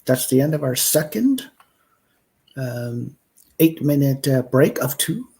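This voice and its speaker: A man leading an improvised collaborative story, talking slowly and hesitantly with many fillers. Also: medium pitch, big pitch swings, creaky, a little mellow.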